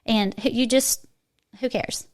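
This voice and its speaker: A woman's voice: a little high, slow, a little mellow. A woman with an eastern Kentucky twang talking as a podcast guest in a chatty, emphatic way, often restarting her sentences. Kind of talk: casual interview chat.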